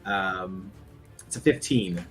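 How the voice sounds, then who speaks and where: A man's voice: low-pitched, slow pace, faint music behind. Laid-back male tabletop player. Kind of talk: casual tabletop play.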